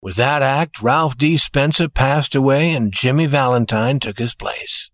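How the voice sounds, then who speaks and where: A man reading a story aloud in a steady, expressive narrating style. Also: mid-range voice, measured pace, no echo.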